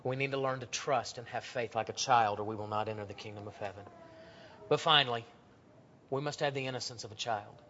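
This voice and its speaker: A man preaching a sermon in a church, telling stories and acting out the voices in them, swinging from loud to hushed. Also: mid-range voice, a little fast, slight background noise. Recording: dull lo-fi recording.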